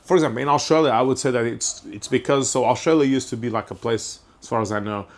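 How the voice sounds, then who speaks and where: A man's voice: medium pitch, quick pace. A man from Portugal hosting a casual comedic podcast monologue, rambling and interrupting himself, with casual swearing. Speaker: podcast host.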